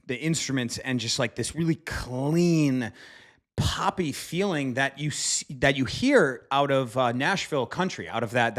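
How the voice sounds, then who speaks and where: A man's voice: fairly high pitch, fairly bright tone. A man casually reviewing an album, talking enthusiastically in a rambling way with frequent fillers and casual swearing. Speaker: music reviewer.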